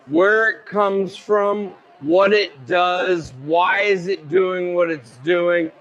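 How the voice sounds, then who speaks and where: A man talking in a deadpan, rambling way. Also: sits high, slow pace, hardly any pauses, poor audio.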